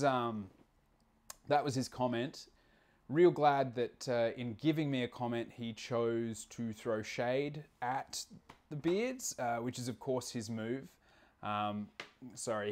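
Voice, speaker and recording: Man, stream host, casual rambling chat, swears a lot, mid-pitched voice. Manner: laid-back, profane, rambling with many fillers.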